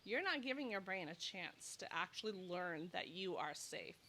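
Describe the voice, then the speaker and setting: A bright-voiced female nurse and sleep coach gives casual direct-to-camera advice outdoors in humid heat, her voice fairly low in pitch and at normal speed. Slightly out of breath, she animatedly acts out anxious inner thoughts. Her clip-on mic is loosening, with slight background noise.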